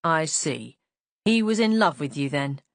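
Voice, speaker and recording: A woman voicing a calm, probing police inspector. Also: low voice, no echo. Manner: calm, measured, quietly skeptical. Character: polite, coolly accusatory male police inspector.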